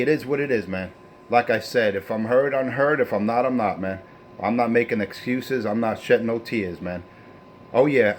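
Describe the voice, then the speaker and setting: A man's voice: on the low side, slight background noise. A man on CB radio, bantering with other operators in a boastful, folksy way and signing off with his handle. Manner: boastful, folksy, trash-talking. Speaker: CB radio operator and channel host.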